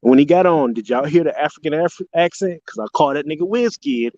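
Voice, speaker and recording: A blunt, profane man talks on an online panel in a mocking manner. His pitch is a touch high. The audio is dry and muffled. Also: expressive, fast talker, a little mellow, no room sound. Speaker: podcast co-host. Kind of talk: casual panel chat.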